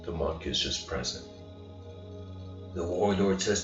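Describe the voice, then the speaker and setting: Very deep-voiced man telling a story. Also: unhurried, pauses often. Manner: rambling, acts out quotes with rising intensity. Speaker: spiritual lecturer. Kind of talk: casual storytelling lecture. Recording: roomy, dull lo-fi recording with faint music.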